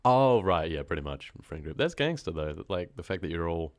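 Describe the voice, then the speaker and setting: Deep-voiced man with a stuffy nose. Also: very animated, fairly quick, no echo. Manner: rambling, self-deprecating, laughs often. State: congested, stuffy nose from a cold. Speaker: horror story narrator streaming live. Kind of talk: casual live-stream chat, reading comments.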